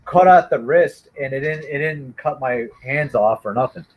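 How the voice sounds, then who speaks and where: Husky man telling animated stories. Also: medium pitch, moderate pace, low-quality recording. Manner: animated storyteller, acts out family voices. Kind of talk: casual chat.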